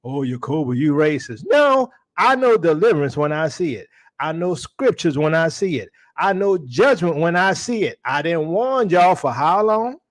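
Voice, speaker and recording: Animated high-voiced man preaching to listeners. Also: normal speed. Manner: animated, rhetorical questions to the audience; slangy, calls the audience y'all. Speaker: preacher and livestream host. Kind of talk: preaching on a livestream.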